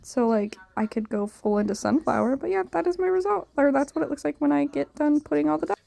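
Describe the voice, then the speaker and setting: A woman's voice: high-pitched, fast, creaky, mellow. A tired young woman chatting casually about dyeing her hair, rambling and unsure with lots of filler words. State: tired, yawning. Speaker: hair dye vlogger. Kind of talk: casual voice-over chat.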